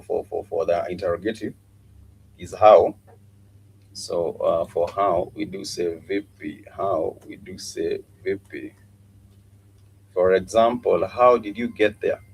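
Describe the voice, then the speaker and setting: A middle-aged man teaching a live-streamed language lesson, patiently repeating each phrase slowly with many filler sounds. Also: low-pitched, darkish tone, husky, poor audio. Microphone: streaming mic.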